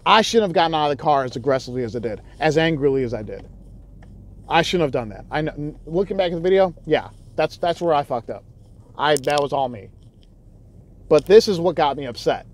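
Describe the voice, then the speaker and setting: Loud, cursing man ranting in a vlog. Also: on the high side, animated, a little fast. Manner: loud, profane, heated storytelling. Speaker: YouTuber. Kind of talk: casual vlog recounting.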